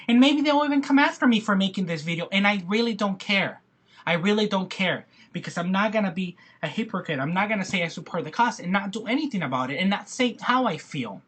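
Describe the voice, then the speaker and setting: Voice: medium pitch, a bit bright. A speaker giving a passionate personal video rant who talks in emphatic repetitions and frequent restarts. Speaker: video blogger.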